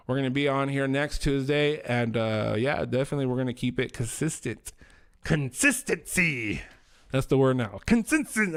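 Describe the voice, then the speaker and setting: A man's voice: mid-range voice, clean tone. A man hosting a livestream, chatting casually slang, swearing and rambling. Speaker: livestream host.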